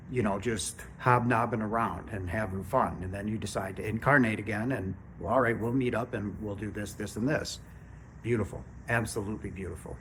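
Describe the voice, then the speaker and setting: A man's voice: on the low side, a little hiss or hum. A man in his fifties giving a casual spiritual monologue, earnest and often checking in with his listeners. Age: 50s. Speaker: spiritual channel host.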